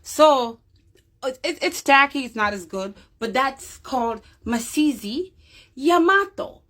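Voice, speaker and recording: A woman with a high, expressive, somewhat bright voice speaks slowly. She's a presenter demonstrating a craft to her viewers in a casual, unscripted way, chatting with fillers and often pausing to check in with them.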